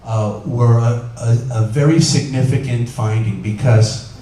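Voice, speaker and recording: A man's voice: mid-range voice, unhurried, mellow. A man giving an informal lecture as a doctor, talking conversationally with many fillers and putting questions to his audience. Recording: echoey room picked up from a distance.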